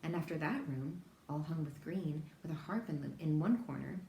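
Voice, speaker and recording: A woman reads a children's novel aloud in a low, mellow voice, gentle and lively as she tells the story. The room around her has a noticeable echo, with a faint hiss underneath. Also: moderate pace. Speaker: reader.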